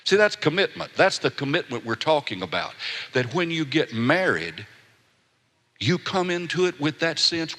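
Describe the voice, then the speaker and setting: A man's voice: on the high side, sing-song, moderate pace, sharp tone. A man preaching a sermon in a folksy storytelling manner, with asides and rhetorical questions. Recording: echoey hall.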